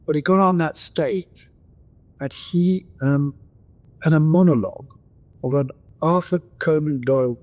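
Older male guest, mid-pitched, gentle anecdotal storyteller, on a video call from home. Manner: gentle, anecdotal, with frequent restarts. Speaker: interview guest. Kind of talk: reflective storytelling. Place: home in the countryside.

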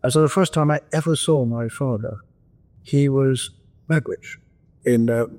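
An older man, a guest in an interview, telling reflective stories in a gentle, anecdotal way with frequent restarts, speaking over a video call from his countryside home. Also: medium pitch, a little slow. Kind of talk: reflective storytelling.

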